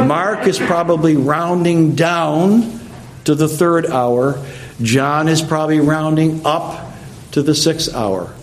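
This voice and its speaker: Male preacher, expository sermon, conversational teaching tone, slightly high pitch. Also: darkish tone. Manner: conversational, explanatory, with asides.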